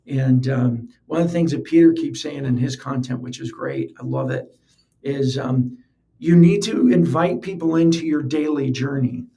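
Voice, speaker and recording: A man's voice: a little high, normal speed, warm tone. A man hosting a podcast, talking earnestly in a casual, conversational way and often repeating words as he thinks. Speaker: podcast host. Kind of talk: casual solo podcast talk.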